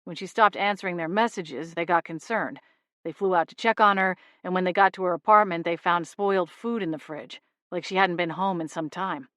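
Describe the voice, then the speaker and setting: An easygoing young investigator who shrugs off rules and turns gruff on the phone, played by a woman narrator. The voice sits a touch lower than her own, calm and unhurried. Dry, close reading with no room sound. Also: no echo, lightly acted. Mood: businesslike. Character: laid-back young man, a rule-dodging investigator.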